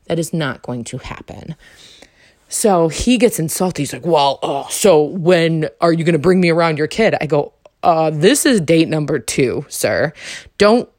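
A young woman from Canada hosting a podcast, retelling a bad date in a casual, animated and indignant way. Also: unhurried, no room sound, studio quality. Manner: animated, indignant retelling with rising pitch and laughs. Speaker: podcast host. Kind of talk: casual storytelling monologue.

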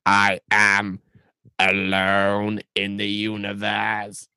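A man doing a slow, croaky alien war machine. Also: on the low side, completely flat delivery, sharp tone, no room sound, studio quality, full character voice. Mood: menacing. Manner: very slow, drawn-out delivery. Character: cold alien war machine, male, menacing.

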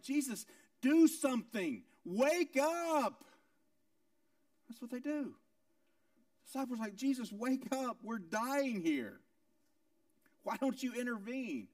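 A man with a high voice preaches a sermon, driving his points home with rhetorical questions and repetition. He swings from loud, raised lines to hushed, low ones. The sound is dry and picked up from a distance. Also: no room sound. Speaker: pastor.

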